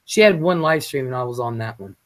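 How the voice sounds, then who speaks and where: A man hosting a late-night casual chat show, rambling and halting with fillers as he talks. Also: mid-range voice, animated. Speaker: show host.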